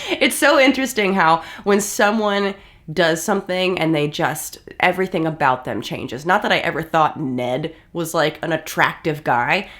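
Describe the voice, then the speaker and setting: A woman in her thirties talks straight to her audience in a casual commentary style. Her delivery is blunt and sarcastic, with an exasperated edge. Her voice sits a little low for a woman. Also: fairly bright tone. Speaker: commentary YouTuber.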